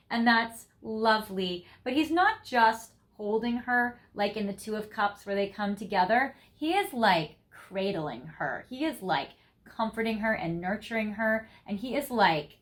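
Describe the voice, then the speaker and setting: Gushing young woman reading tarot cards. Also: on the high side. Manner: gushing, effusive, laughs often. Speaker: tarot reader. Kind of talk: pick-a-card tarot reading to viewers.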